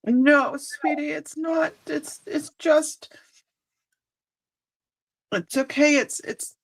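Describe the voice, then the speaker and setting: Woman, psychic card reader, tearful, tender, high pitch, slow pace. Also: steady tone, creaky, rough recording. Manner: emotional, tender, reading aloud slowly. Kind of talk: live-streamed card reading.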